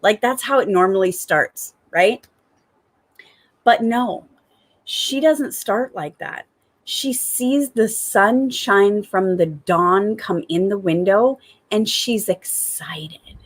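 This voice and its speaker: A woman talking to her viewers in an upbeat, enthusiastic gratitude vlog, returning again and again to the same warm phrases. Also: mid-range voice, slow pace. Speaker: spiritual coach.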